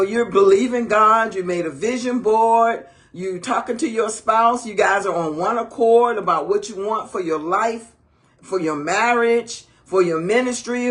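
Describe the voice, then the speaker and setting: A woman ministering on marriage to camera in a preaching style, emphatic and full of rhetorical questions. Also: medium pitch.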